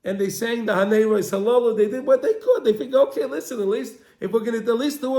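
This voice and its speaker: A man tells a long religious teaching story, circling back over his own phrases and restarting as he goes. His voice is pitched high for a man. The room around him rings with a noticeable echo. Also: quick pace, few pauses, warm tone. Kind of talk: storytelling lesson. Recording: roomy echo.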